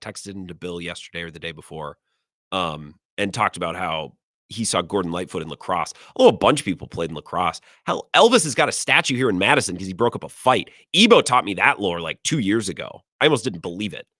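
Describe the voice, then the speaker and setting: A male sports radio host in a studio, chatting with callers in an animated, joking way. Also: sits low, a little fast, no room sound. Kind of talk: casual chat.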